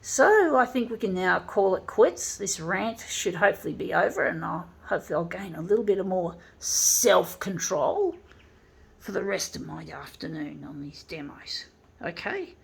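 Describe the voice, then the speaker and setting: A woman's voice: on the low side, very animated, moderate pace, gravelly, slightly rough. A woman ranting angrily to her viewers, swearing and repeatedly calling them "folks.". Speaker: vlogger. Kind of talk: ranting monologue to camera.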